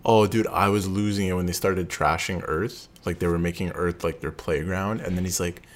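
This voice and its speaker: A man's voice: deep voice, steady tone, moderate pace. A man in casual chat as a podcast co-host, agreeable and often chiming in.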